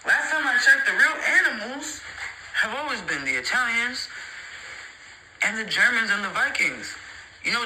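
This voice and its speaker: A man's voice: very high-pitched, pushed and bright, a little hiss or hum, rough recording. Fired-up man ranting to camera. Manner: heated, emphatic, repeats points, profane, mocking. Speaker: social media creator. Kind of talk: opinionated rant to camera.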